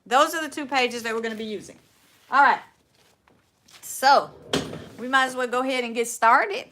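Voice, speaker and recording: A bright, fairly high-voiced woman with a Southern US accent chats through a crafting livestream. She talks in a folksy, rambling way and says "y'all" often. She trails off and restarts her sentences as she works. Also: moderate pace, slight background noise. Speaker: furniture upcycling livestream host. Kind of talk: casual livestream chat.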